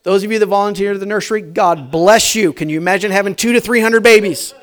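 A man preaching a sermon, swinging from shouting to hushed tones. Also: high voice, fast. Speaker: pastor.

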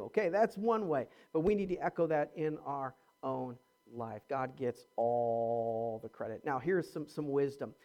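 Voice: medium pitch, moderate pace. A pastor preaching a sermon, emphatic, repeating words and restarting phrases, and asking the congregation rhetorical questions. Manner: swings from quiet asides to near-shouting.

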